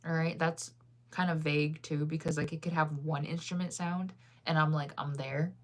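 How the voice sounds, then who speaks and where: A chatty young woman talks casually to her stream, reading comments aloud and laughing often. Her voice sits a little low for a woman. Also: level tone, normal speed. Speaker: livestreamer.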